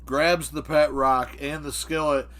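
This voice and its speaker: Bright-voiced man riffing on a podcast. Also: on the high side, a little slow. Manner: profane, deadpan comic riffing. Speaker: podcast co-host. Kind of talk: casual chat.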